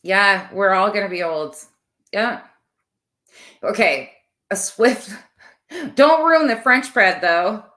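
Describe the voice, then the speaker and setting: A woman's voice: medium pitch, lively intonation, slow pace, pauses often, pushed and bright. A woman in her thirties chatting casually on a livestream, rambling and talking to her viewers. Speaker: livestream host.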